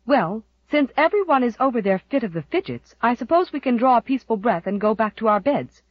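A woman's voice: a little high, expressive, brisk, no echo, lo-fi sound, voice pushed up. A woman voicing a shrewish, plaintive elderly aunt who complains peevishly in an audiobook.

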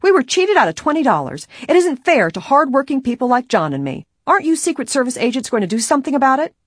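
A woman reading an audiobook, voicing a shrill, excitable middle-aged waitress who accuses and near-screams. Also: fast talker, slightly rough, no echo, clean studio sound. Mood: shrill accusing. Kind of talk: audiobook character voice.

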